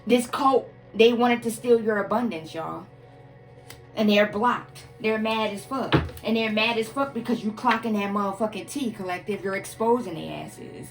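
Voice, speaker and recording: A woman's voice: medium pitch, moderate pace, soft background music. A woman doing a casual tarot reading for her viewers, emphatic and profane, calling them "y'all" and "collective" again and again. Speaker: tarot reader.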